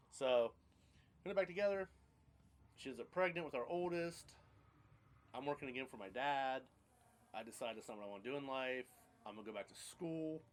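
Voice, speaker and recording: A man's voice: mid-range voice, a little hiss or hum. A man in his thirties casually telling his life story on a podcast, rambling and blunt, with casual swearing.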